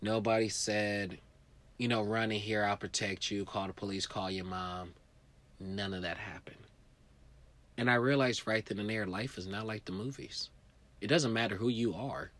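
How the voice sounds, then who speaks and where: A man hosting a show, telling a profane story with lively voices, shouting high when he acts out scenes, and turning calm and reflective later. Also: moderate pace. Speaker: comedian host. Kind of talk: stand-up storytelling.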